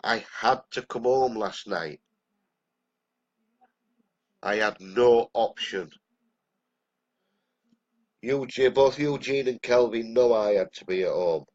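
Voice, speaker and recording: A man's voice: mid-range voice, slow, pauses often, darkish tone. An older man with an English accent and a cold, ranting bluntly and angrily on a live stream. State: has a cold. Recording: dull lo-fi live-stream audio.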